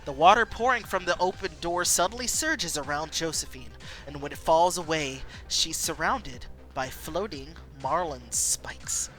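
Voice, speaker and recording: A woman streamer reading a story game aloud, animated and quick. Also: low voice, faint music behind, poor audio.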